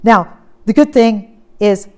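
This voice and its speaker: A woman preaching a sermon, reading scripture aloud and pressing points with strong stress that drops to quiet, steady lines. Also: mid-range voice, slow pace. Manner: emphatic, swings from loud stress to quiet.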